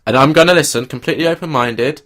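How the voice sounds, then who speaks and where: A man's voice: fairly high pitch, fast, fairly bright tone. A young man co-hosting a podcast, joking and teasing in casual chat. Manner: joking, teasing, tries out growly voices. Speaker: podcast co-host.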